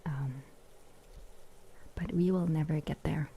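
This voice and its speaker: A woman's voice: deep voice, steady tone, slow, gravelly, warm tone, slight background noise. A German woman whose first language is German, hosting a rambling, giggly whispered ASMR chat. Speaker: ASMR host.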